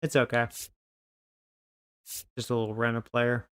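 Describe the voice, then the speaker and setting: A man's voice: medium pitch, flat delivery, unhurried, fairly bright tone, clean tone, no room sound, studio quality. A man giving casual, profanity-laced commentary on a baseball video game, grumbling about his team. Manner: profane, grumbling, frustrated asides. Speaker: gaming video creator.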